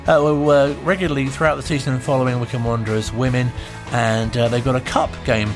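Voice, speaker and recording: A man's voice: medium pitch, level tone, fairly quick, over music. A man hosting a local radio sports show, hesitant with many uhs.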